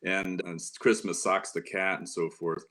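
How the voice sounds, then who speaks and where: Low-voiced middle-aged man telling rambling anecdotes. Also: flat delivery, normal speed, a bit bright. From Upstate New York, near Lake Ontario. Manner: rambling anecdotes with many fillers and restarts. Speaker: interview guest, former White House staffer. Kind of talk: casual storytelling interview.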